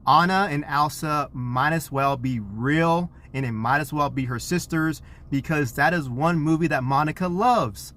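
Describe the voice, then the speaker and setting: A man, a parent, earnestly telling a personal story to camera, animated and acting out what was said. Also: on the high side, unhurried, hardly any pauses. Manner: earnest, animated retelling with acted quotes; self-described introvert.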